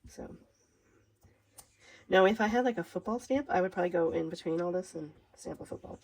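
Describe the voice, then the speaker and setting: Gravelly, chatty Minnesotan woman. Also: on the low side, fairly quick, rough recording. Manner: chatty and rambling, laughs at herself. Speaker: craft demonstrator. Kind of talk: casual craft tutorial.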